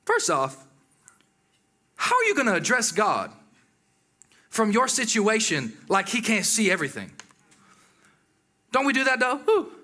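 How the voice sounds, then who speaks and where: A man preaching a sermon in a lively, conversational way, with exclamations and asides to the congregation. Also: high voice, normal speed, long pauses.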